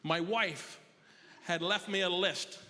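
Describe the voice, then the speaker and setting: A man telling an animated, exaggerated story as a stand-up comedian, often checking in with a quick "right?". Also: sits high. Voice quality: animated, exaggerating, tag questions. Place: comedy festival stage in a large hall. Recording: reverberant live hall with audience noise.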